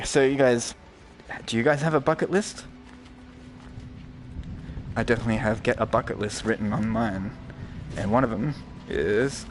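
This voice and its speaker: A man streaming a VR game, who riffs in crude, rambling jokes as he plays. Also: mid-range voice. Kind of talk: casual game commentary.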